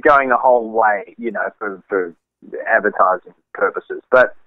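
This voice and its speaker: A man's voice: lowish voice, normal speed, dry recording. Australian man on a tinny phone line. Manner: chatty, laughing easily, multitasking. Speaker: guest musician. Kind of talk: casual interview chat.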